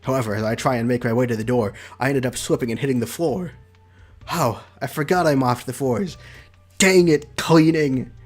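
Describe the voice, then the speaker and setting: Brief: chatty young male streamer, mid-pitched voice, game read-along, soft music. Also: brisk, breathy edge. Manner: playful, chatty, laughs between lines. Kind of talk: reading a visual novel aloud with commentary.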